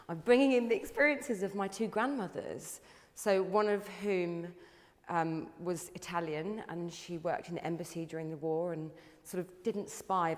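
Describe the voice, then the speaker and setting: A woman actor speaks thoughtfully about her part in a documentary interview. Her voice sits on the low side, and a long hall reverb trails behind her words.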